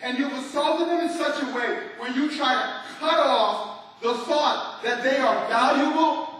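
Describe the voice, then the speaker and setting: A man's voice: extremely high pitch, a little slow. Guy preaching a sermon, gets the crowd repeating after him, super echoey church sound. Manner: animated preaching, leads the congregation in call-and-response. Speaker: pastor. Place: large church hall. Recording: echoey church hall from far off.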